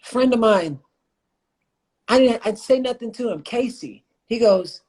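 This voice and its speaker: The guest on this livestreamed interview, a motivational speaker and coach, has a very high, expressive and slightly mellow voice. He is unhurried, with long pauses, yet speaks passionately and repeats phrases for emphasis into a phone or computer mic.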